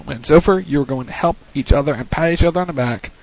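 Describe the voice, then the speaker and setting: A man's voice: on the high side, a little mellow. A man hosting a wrestling recap, retelling the action play-by-play in a casual way. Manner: recounts events in a hurried play-by-play, with frequent restarts. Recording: dull lo-fi audio.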